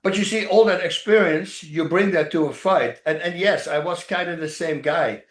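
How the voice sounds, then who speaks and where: Animated storytelling man, slightly high voice. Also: moderate pace. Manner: animated, rambling anecdotes, acts out other people's lines, laughs often. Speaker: actor and former fighter, interview guest. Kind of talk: casual interview storytelling. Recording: roomy echoey sound.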